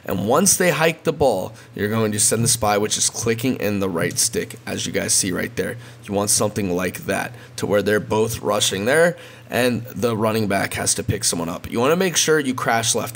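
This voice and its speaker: A man casually walking viewers through a video game strategy, often repeating himself and calling them guys. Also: lowish voice. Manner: repetitive, addresses viewers as guys. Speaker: gaming video creator. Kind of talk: casual gameplay tutorial.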